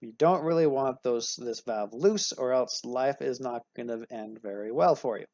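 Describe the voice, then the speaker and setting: In this dry, slightly dull recording, a man teaches anatomy with a mid-range voice, a darkish tone, and a moderate pace. His lecture is relaxed and cheerful, full of analogies and mid-sentence self-corrections.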